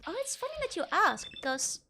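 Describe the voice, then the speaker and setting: A woman's voice: very high-pitched, big pitch swings, brisk, pushed and bright, slight background noise. A young woman with a Dutch accent chatting casually while playing a game, laughing often as she answers her chat. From Netherlands. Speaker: streamer.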